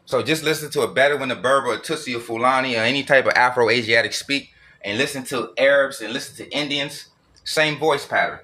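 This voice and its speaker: A man holding forth alone in a bright, forceful voice. He talks bluntly and profanely, looping back to repeat his points as he goes. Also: medium pitch, a little fast. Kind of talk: solo ranting monologue.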